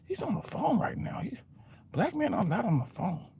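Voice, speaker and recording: A man voicing a nosy onlooker who whispers in a scandalized hush about a stranger. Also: high-pitched, sing-song, moderate pace, a little hiss or hum, pitched above the performer's own voice. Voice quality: hushed, gasping whisper. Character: nosy whispering white onlooker, gossipy woman.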